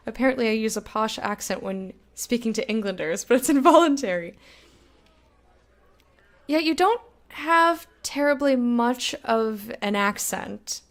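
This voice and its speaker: A woman's voice: on the high side, moderate pace. Chatty American woman streamer. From United States. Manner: chatty, self-mocking, laughs often. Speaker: game streamer. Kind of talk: casual gameplay commentary, reading chat.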